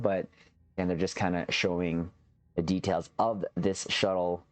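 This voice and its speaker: A man's voice: low-pitched, lively intonation, unhurried, darkish tone. A man hosting a reaction channel, casually recapping a TV episode in a loose, rambling way with frequent restarts, talking straight to his viewers. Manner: rambling, restarts often, addresses viewers as captains.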